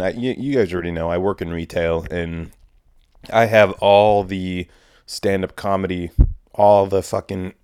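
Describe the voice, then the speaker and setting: A man's voice: deep voice, clean tone, dry recording, clean studio sound. A young man hosting his own podcast, ranting in a rambling, profane, sarcastic way. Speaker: podcast host. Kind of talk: casual comedic rant.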